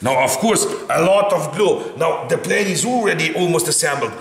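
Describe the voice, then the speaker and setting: Animated man with a lively, echoey voice. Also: on the high side, moderate pace, vocal fry. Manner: animated, theatrical complaining, tags lines with "eh?". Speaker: RC hobby channel host. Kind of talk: casual unboxing chat. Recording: echoey room with faint noise.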